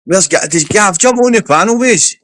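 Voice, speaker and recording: A Scottish man hosting a livestream, talking in a sweary, animated way as he tells stories. His voice sits a little higher than most men's. The talk is loose, casual stream chat. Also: normal speed, no room sound. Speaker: livestream host.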